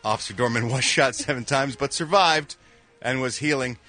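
A man from Philadelphia hosting a morning radio show, reading entertainment news in an animated, jokey way with quick voiced reactions. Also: medium pitch, faint music behind. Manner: animated, jokey, with quick sound-effect interjections. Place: radio studio.

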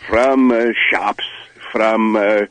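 A man doing a gruff Russian official who calls in by phone, speaking blunt broken English with a Russian accent. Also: fairly low pitch, steady tone, drawn-out words, fairly bright tone, dry recording. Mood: deadpan. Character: gruff Russian official phoning a radio show.

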